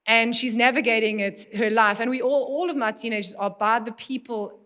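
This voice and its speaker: A woman's voice: fairly high pitch, fairly even intonation, moderate pace, fairly bright tone. A woman in her forties from South Africa, giving a conversational talk on parenting with anecdotal storytelling and frequent restarts. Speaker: speaker on parenting.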